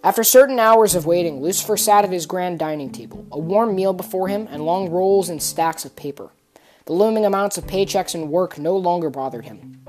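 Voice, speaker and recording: A woman narrates a story in a calm, steady way. Her voice sits slightly low, and faint guitar music plays softly behind her. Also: fairly quick.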